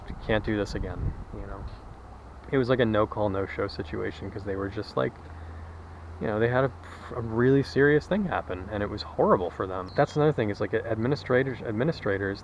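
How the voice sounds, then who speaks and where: A man's voice: fairly low pitch, muffled recording, a little hiss or hum. A man vlogging while out walking, rambling candidly in a casual monologue and swearing freely. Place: outdoors, walking.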